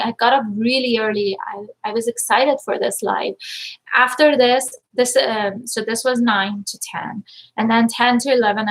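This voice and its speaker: A woman coach talking casually to viewers on a live stream, energetic and upbeat, effusively thankful and at times close to tears. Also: on the high side, poor audio. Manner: emotional, near tears at times. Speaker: life and money mindset coach.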